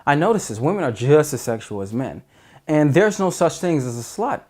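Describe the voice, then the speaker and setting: Man, dating coach, somewhat high-pitched, emphatic, earnest advice monologue. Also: very animated, moderate pace, a little mellow. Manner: earnest, emphatic, restarts mid-sentence.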